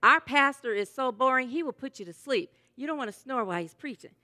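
A man's voice: very high voice, lively intonation, brisk, sharp tone, dry recording, clean studio sound, exaggerated voice. A woman voicing a friendly, blunt male church usher in a told joke.

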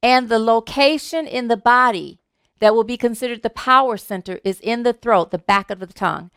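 A woman minister giving a sermon, thanking performers and telling a humorous story, with an animated way of talking and easy laughter. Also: a little high, moderate pace, smooth, dry recording, studio quality. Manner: warm, animated, laughs easily, repeats words.

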